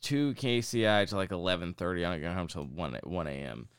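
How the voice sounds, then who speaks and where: A man's voice: deep voice, a little fast, smooth, dry recording, clean studio sound. A young man casually telling a long, profane story to a friend in a podcast chat. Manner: profane, rambling anecdote-telling.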